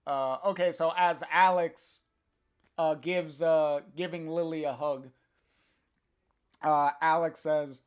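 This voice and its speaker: A man casually reading a comic aloud on a livestream, halting with many fillers and chuckling to chat. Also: on the high side, fairly even intonation, smooth.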